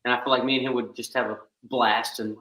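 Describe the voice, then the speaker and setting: Bright-voiced hesitant man, echoey room. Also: medium pitch, level tone, fast. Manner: hesitant, short answers, fillers. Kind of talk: casual chat.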